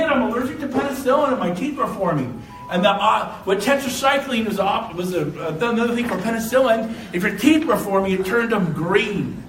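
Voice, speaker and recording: An older man giving a motivational real estate talk to an audience, telling lively stories and breaking into shouts and laughs. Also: very high voice, slight background noise. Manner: animated storyteller, shouts and laughs. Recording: echoey room from a distance.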